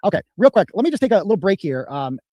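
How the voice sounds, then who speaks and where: A man's voice: high-pitched, big pitch swings, quick pace, dark tone, no room sound. A man hosting a commentary show, talking in an indignant way. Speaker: host. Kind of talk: commentary reading messages.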